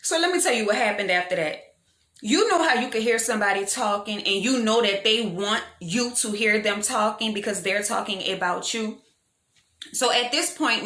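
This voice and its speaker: A young woman telling a storytime vlog in a frank, animated, slangy way, poking fun at herself. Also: a little high. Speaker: vlogger. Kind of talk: casual storytime monologue. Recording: echoey room.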